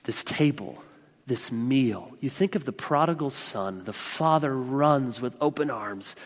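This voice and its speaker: A man in his thirties preaching a sermon, swinging between loud proclaiming and quiet, confiding asides. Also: mid-range voice, lively intonation, measured pace, in a large hall. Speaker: pastor.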